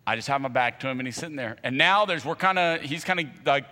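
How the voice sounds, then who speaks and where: Animated man preaching in a reverberant hall. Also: mid-range voice, quick pace. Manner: animated, acts out quotes, bursts of loud exclamation. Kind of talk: comic personal story in a sermon.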